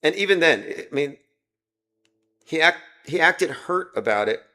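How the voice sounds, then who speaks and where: A man's voice: fairly high pitch, animated, unhurried, pushed and bright. A man hosting a livestream, talking in a rambling, sarcastic way and reading viewer comments aloud between his points. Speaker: livestream host.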